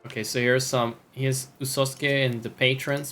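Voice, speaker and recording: A man talking over his gameplay in loose, rambling commentary full of jokey asides and self-mockery. His pitch sits in a middle range, and faint music plays under his voice. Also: little pitch movement, moderate pace, a bit bright. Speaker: streamer.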